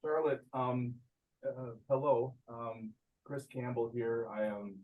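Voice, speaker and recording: A man's voice: medium pitch, steady tone, slow pace, phone-quality sound. A man speaks up as an attendee on a webinar. He talks hesitantly and stops on fillers. His voice comes through a video call and sounds far from the mic. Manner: hesitant, many "um"s. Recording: distant video call audio.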